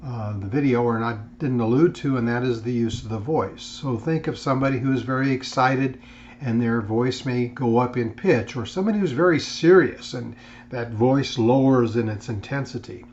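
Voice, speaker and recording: Man, instructor, measured recorded lecture, fillers and restarts, slightly muffled, faint hum behind. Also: mid-range voice, a little mellow.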